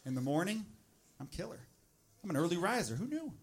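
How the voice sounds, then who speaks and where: A man doing a stand-up comedy set, sliding into loud, mocking quoted rants. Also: high voice, very animated, a little fast, background noise.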